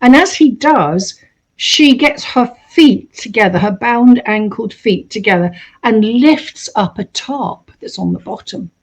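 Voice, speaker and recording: A woman recounting a true story in a casual, animated way, acting out the voices of the people in it. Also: on the high side, measured pace. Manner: animated, acts out quoted voices. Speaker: storyteller host.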